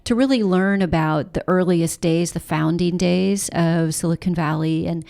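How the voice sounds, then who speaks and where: A middle-aged woman author answering interview questions in a thoughtful, conversational way, with frequent pauses and fillers. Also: on the low side, fairly even intonation, vocal fry, darkish tone. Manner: thoughtful, many fillers and restarts. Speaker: author and journalist, podcast guest.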